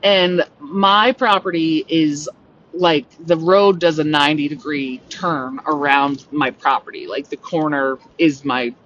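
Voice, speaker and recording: A woman's voice: low-pitched, a little slow. Rambling woman storyteller, slightly distant mic. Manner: rambling, animated, heavy use of "like". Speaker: podcast host. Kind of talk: casual storytelling monologue. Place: home on a rural homestead. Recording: distant, dull lo-fi mic with faint noise.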